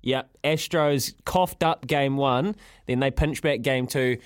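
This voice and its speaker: A man's voice: medium pitch, takes it slowly, clean tone, no echo, clean studio sound. A man hosting a casual radio chat, jokey and laughing often. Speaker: radio host.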